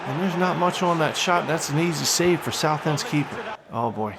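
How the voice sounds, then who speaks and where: A young man with a slightly high voice calls a football video game play by play, jumping from calm narration to sudden shouting over big moments. He drops crude jokes and curses between plays, and a steady noisy hum sits behind his voice. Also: moderate pace, creaky. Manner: excitable, swings from calm to shouting; crude, joking asides. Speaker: gaming commentator.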